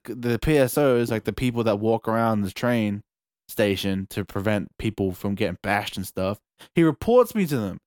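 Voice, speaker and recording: A young man with an Australian accent telling a story in a casual chat, animated and swearing freely. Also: medium pitch, dry recording, clean studio sound.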